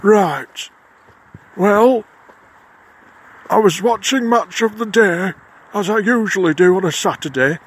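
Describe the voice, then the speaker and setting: In a comedy, a man plays a gruff middle-aged northern Masonic lodge head with a broad Lancashire accent. His heavily acted voice is high and unhurried, blunt and matter-of-fact, tossing out swears casually with a deadpan delivery throughout.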